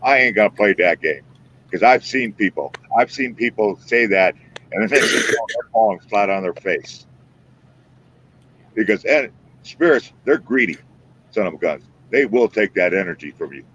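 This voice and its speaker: Man, very low voice, emphatic casual chat, lo-fi mic. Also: lively intonation, moderate pace, a bit bright, slight background noise. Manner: folksy, emphatic, drawling. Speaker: paranormal show host. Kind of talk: casual live-stream chat. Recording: muffled lo-fi stream audio.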